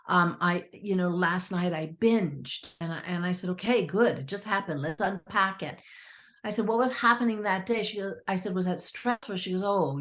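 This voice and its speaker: A middle-aged woman, a therapist and author, telling client stories in a lively conversational way and acting out what clients said. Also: mid-range voice. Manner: animated, acts out clients' quotes. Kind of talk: conversational storytelling.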